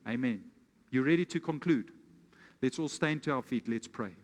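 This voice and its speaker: Pastor preaching in a big hall. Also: male voice, mid-range voice, normal speed. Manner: calls out questions to the congregation; tells a storytelling example. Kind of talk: sermon. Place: church hall with congregation. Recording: long reverb of a church hall.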